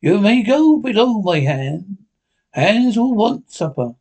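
A man's voice: sits high, expressive, moderate pace, a little mellow. A man voicing a blunt, formal sea captain who speaks curtly. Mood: stern. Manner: curt, stiff and formal.

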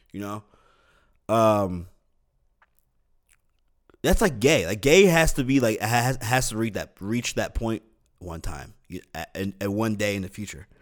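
A young man hosting a podcast alone, rambling casually with lots of fillers, restarts and swearing. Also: mid-range voice. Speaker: podcast host. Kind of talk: casual solo podcast rant.

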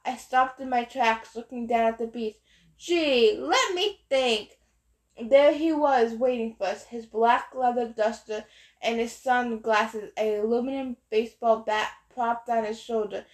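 A woman narrating a novel in the first person in a steady storytelling manner. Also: a little high, normal speed, reverberant. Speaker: audiobook narrator.

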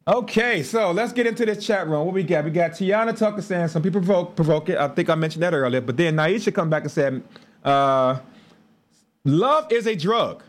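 A man's voice: on the high side, moderate pace, some chatter behind, a little hiss or hum. A man, telling stories casually on a livestream with laughs and asides. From Chicago. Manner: animated storytelling with laughs and asides. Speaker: livestream host.

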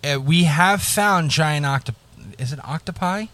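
A man's voice: fairly high pitch, a little slow, a bit bright, no room sound. A man in his twenties co-hosting a podcast, sarcastic and swearing as he steers back to the topic. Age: 20s. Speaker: podcast co-host. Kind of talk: casual crude chat.

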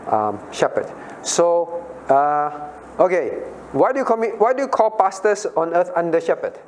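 A man's voice: high voice, lively intonation, normal speed, darkish tone, a little hiss or hum. A man, a pastor, teaching a Bible study class. He questions listeners by name and repeats his key phrases.

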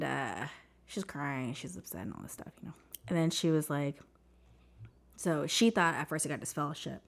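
A woman with a somewhat low voice talks through her own story as an interview guest. She is animated and conversational, leans on "like," and acts out the lines others said to her. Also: creaky. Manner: animated, says "like" a lot, acts out what others said. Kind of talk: personal storytelling in casual conversation.

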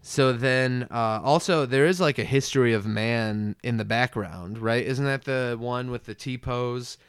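A man hosting a podcast, recapping a cartoon episode in relaxed, chatty talk and acting out quotes. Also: medium pitch, unhurried, clear, resonant tone, dry recording, clean studio sound. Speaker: podcast host.

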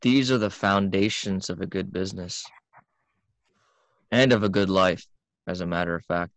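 Male co-host, very deep, dry sound, terse and quotable. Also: moderate pace, fairly bright tone, dry recording. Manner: terse, aphoristic interjections. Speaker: podcast co-host. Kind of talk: casual podcast chat.

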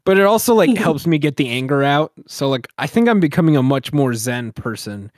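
A man's voice: fairly high pitch, brisk, dry recording. Ranting young man, dry close mic. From United States. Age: young adult. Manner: animated ranting, many restarts. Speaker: podcast co-host. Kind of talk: casual chat.

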